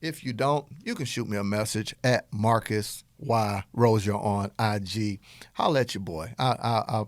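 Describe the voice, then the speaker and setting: A middle-aged man with a Southern US accent, hosting a podcast and giving an energetic motivational business talk in a playful, animated way. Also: fairly low pitch, moderate pace, no echo. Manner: animated, playful, acts out dialogue in quotes. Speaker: podcast host and business coach.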